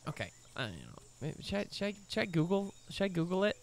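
A young man giving casual let's play commentary, excitable, breaking into squeaky high exclamations. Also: fast talker, gravelly, hardly any pauses.

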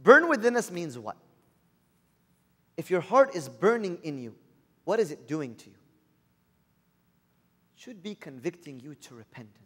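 Brief: male preacher, high voice, earnest sermon full of rhetorical questions, long hall reverb. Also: very animated, a little slow, pauses often.

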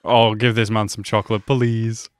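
A young man giving casual, excitable commentary as he reacts to an anime episode, talking back at the screen. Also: on the low side, moderate pace, no echo.

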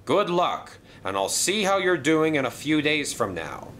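A man's voice: a little high, sing-song, a little slow, a bit bright, voice pushed up. A man voicing a formal, authoritative older male railway boss in a toy train story.

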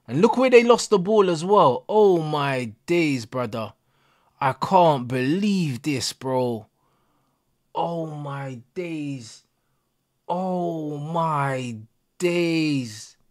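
A young man, reacting live to a football match as a streamer, excitable and full of slang. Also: fairly high pitch. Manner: excitable, slangy, repeating exclamations. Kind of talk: live watch-along reaction.

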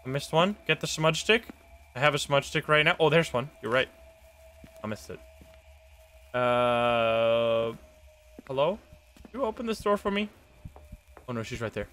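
A man streaming a horror game live, reacting jumpily with excitable, swearing commentary. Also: medium pitch, a little slow, long pauses.

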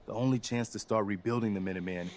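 An actor playing an earnest, dutiful male militia leader in a video game, speaking in a steady, sincere way. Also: lowish voice, fast talker, natural voice. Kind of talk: game character dialogue.

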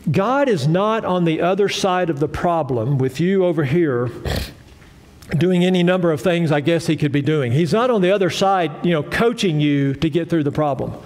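A male pastor delivering a sermon in a high-pitched voice, conversational yet emphatic. He hammers key phrases through repetition and keeps turning to the congregation with questions. The tone stays direct and earnest throughout. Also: animated, moderate pace, darkish tone.

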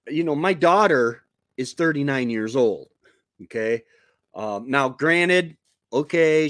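Man, 50s, livestream host; unhurried, rambling chat, dry close sound. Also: mid-range voice, dry recording. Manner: rambling, with many fillers and restarts. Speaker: homestead show host. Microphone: computer mic on a live stream.

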